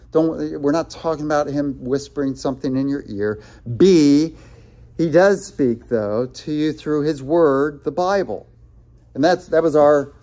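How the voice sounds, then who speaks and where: A male pastor delivers a sermon in a loose, conversational way, quoting scripture and often stopping to restart a thought. His voice is a little high for a man but soft and mellow. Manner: conversational, many fillers and restarts, quotes scripture.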